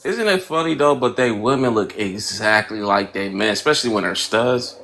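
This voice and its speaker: A man's voice: fairly low pitch, moderate pace, fairly bright tone. A man in casual livestream chat, wryly agreeing with his co-hosts.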